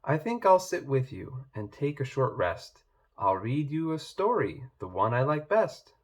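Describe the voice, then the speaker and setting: Man voicing kindly little hen, patient, storybook, slow pace. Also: medium pitch, very animated. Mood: gentle.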